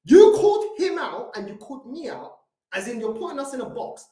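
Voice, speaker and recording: A man with a London accent hosting a heated live stream, confrontational and swearing freely. His pitch swings widely as he argues. The sound bounces around an echoey room. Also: big pitch swings, fairly quick, warm tone. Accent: London English. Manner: confrontational, swearing, repeats himself. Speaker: fan channel host.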